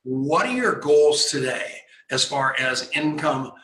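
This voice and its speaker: A man hosting a radio talk show, telling an excited story with acted-out dialogue. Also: medium pitch, takes it slowly, echoey room, poor audio. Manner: excited, animated storyteller who acts out dialogue.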